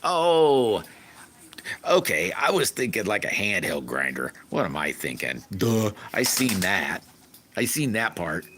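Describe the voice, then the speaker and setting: A man's voice: fairly low pitch, very animated, unhurried, fairly bright tone, a little hiss or hum. A man hosting a casual livestream, rambling in a folksy way and griping while he reads viewer comments. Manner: rambling, folksy, griping about car repairs. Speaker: livestream host.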